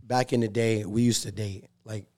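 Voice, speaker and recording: A man's voice: lowish voice, fairly even intonation, moderate pace, a little mellow. A man guesting on a casual podcast, cutting in with playful jokes.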